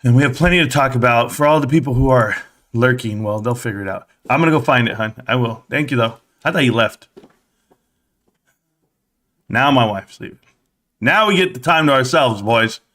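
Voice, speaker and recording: A man hosting a live stream from his home desk, talking in a casual, rambling way and speaking straight to his viewers with quick bursts of excitement. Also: medium pitch.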